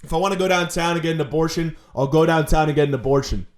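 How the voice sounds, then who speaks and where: A man's voice: on the high side, fast. A young man hosting a podcast, delivering a crude, sarcastic, rambling comedic monologue. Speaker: podcast host.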